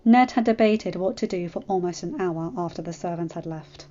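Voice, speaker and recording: A woman reading fan fiction aloud in a steady, even narration. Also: lowish voice, normal speed, lo-fi sound, slight background noise.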